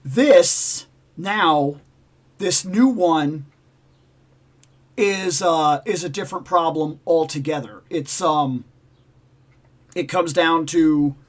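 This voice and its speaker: A man hosts a casual livestream and tells a long personal story. His voice sits a little higher than most men's. He rambles and repeats himself, slipping into the voices of the people in his story. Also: slow pace, long pauses. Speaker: livestream host.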